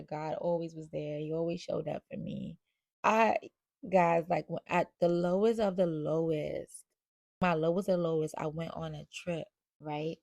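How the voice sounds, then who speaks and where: A woman speaks in a fairly low, gravelly voice in a candid vlog monologue. She talks earnestly and with feeling as a motivator and mom coach, rambling through stories with plenty of fillers. The sound is dry, with almost no room echo. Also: darkish tone. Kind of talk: casual confessional vlog monologue.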